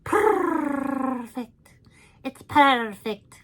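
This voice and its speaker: A glamorous diva purrs every word and lingers on each one, as a woman puts her on. The voice sits fairly high and comes across loud and showy. It has a slow, sultry pull. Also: animated, full character voice. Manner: drawn-out purring delivery with 'darling'.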